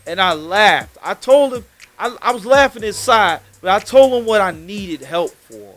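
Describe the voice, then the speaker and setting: A man, hosting a podcast and telling a story in an animated, slangy, emphatic way. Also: high voice, unhurried. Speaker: podcast host. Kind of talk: casual street storytelling.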